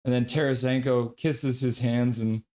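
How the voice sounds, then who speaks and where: A man streaming live hockey play-by-play, excitable and profane, reading viewer chat aloud between calls. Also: medium pitch, normal speed. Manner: excitable, swears, reads chat comments aloud.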